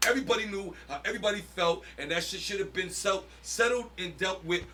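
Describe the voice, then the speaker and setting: A man's voice: high-pitched, fast, sharp tone. A man co-hosting a podcast, arguing his point in an emphatic, insistent way with lots of swearing. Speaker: podcast co-host. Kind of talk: casual chat.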